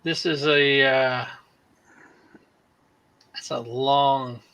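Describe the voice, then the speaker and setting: A man playing a tabletop game, speaking in a halting, hesitant way. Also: medium pitch, steady tone, a bit bright, clean tone, highs cut off. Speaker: player. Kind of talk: casual tabletop play.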